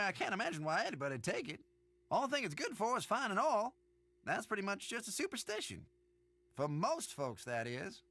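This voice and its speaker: Game casting: a gravelly old country shopkeeper, drawl, bright, swooping pitch. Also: male voice, dry recording, full character voice. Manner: drawling, chatty, dodging questions. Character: folksy older male rural shopkeeper, evasive. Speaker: game character.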